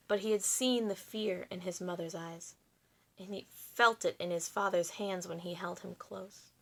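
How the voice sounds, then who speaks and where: A woman reading a picture book aloud to children, expressive and pausing to explain. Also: medium pitch.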